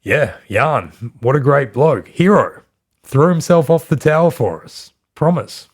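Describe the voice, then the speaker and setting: A man's voice: a little high, expressive, unhurried. A smug foot soldier from a medieval tale, put on by a male narrator, who speaks in a raised, eager voice. He sounds sarcastic and overly earnest throughout. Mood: mock earnest. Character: boastful medieval soldiers covering up a story.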